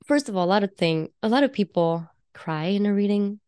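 A woman guesting on a podcast as an intuitive coach, talking in a chatty, warm way with frequent laughs, fillers and restarts. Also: mid-range voice, expressive, a little fast, clear, resonant tone, no echo, clean studio sound. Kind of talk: casual podcast conversation.

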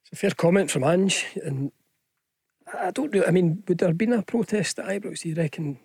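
A man's voice: high-pitched, fairly quick, gravelly, darkish tone, slightly rough, no room sound, studio quality. A Scottish man giving casual football punditry on radio, chatty and hesitant with frequent restarts. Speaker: football pundit, former player. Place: radio studio. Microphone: studio microphone.

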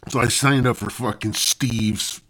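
A man's voice: mid-range voice, steady tone, measured pace, fairly bright tone. A man hosting a comedy podcast, telling a rambling, profane story full of digressions. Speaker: podcast host.

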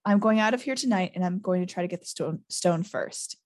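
A woman's voice: lowish voice, a little fast, a little mellow, lightly acted. A woman reading as a determined eleven-year-old boy, urgent and earnest.

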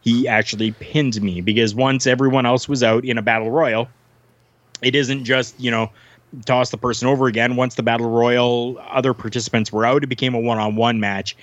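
A man from Canada spins long, rambling stories, full of "uh" and "like", and jumps into other people's voices as he goes. His voice sits at an ordinary pitch. The audio is dull and lo-fi, dry and close. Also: fairly even intonation, fairly quick, no echo. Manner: rambling anecdotes with many fillers and restarts, acting out quoted voices. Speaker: podcast guest, former wrestler. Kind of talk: casual storytelling.

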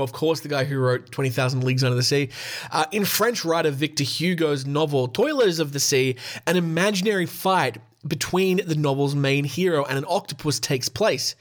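A man hosting a casual podcast, reading out animal facts and stories with jokey, self-deprecating asides. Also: on the high side. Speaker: podcast host.

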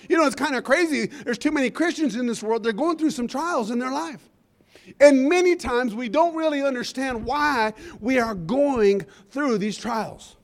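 A man with a very high-pitched voice preaches with fervor, punctuating his points with amen and hallelujah. He speaks as a pastor to his church. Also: animated, normal speed. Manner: fervent, calls out amen and hallelujah. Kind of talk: sermon.

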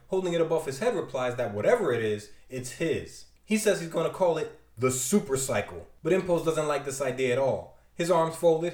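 A man's voice: fairly high pitch, a little mellow. A man recapping and reviewing a comic book issue with enthusiasm and wry asides. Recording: roomy echo.

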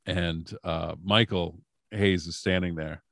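A man with a very low, gravelly voice tells casual stories as a podcast guest. He rambles, stopping and restarting with lots of fillers. The sound is dry and close, with no room echo. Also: steady tone, slow pace, fairly bright tone. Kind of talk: casual storytelling.

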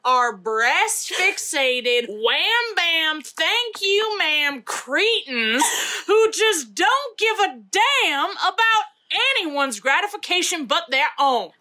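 A woman's voice: extremely high pitch, pushed and bright, voice pushed up, exaggerated voice. Woman putting on a brash Southern lady. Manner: blunt, scornful reading aloud. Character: brash outspoken Texan woman of the 1960s.

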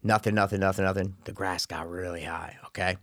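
A man's voice: low voice, steady tone, brisk, a bit bright. A young man co-hosting a casual chat show, telling stories with lots of energy, acting out the people he quotes and swearing freely. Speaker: podcast co-host.

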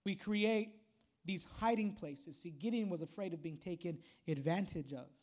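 A man's voice: sits high, normal speed, darkish tone. A male pastor preaching a sermon in a conversational way, with frequent asides to the congregation.

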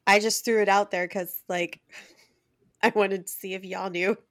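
Slow-talking playful woman host. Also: medium pitch, level tone, a bit bright. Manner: playful, laughs often. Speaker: podcast host. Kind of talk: casual comedic chat.

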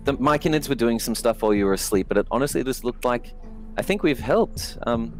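A man speaking as a player in a tabletop game, hesitant with many fillers and quick to laugh. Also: mid-range voice, expressive, darkish tone, soft background music. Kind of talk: casual chat in a tabletop game.

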